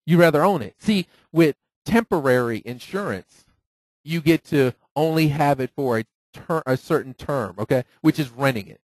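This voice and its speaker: A man with a somewhat high voice teaches a live audience. He talks in a lively way and keeps asking rhetorical questions. The sound is dry and close. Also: moderate pace, no echo, low-quality recording. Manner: lively, acts out phone calls in quoted voices; rhetorical questions with repeated "right?". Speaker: financial seminar speaker.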